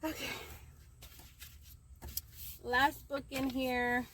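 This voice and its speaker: Holding the camera on herself outside in the heat, a young woman who vlogs about books chats aimlessly with fillers, a bit breathless. Her high, bright voice is forceful with little pitch movement and drawn-out words; the rough recording has a little hiss or hum.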